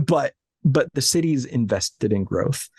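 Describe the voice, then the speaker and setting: A man in his late thirties from Alabama, a guest telling animated, joking stories from his office with frequent restarts. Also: mid-range voice, takes it slowly, breathy edge, no room sound. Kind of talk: casual interview chat.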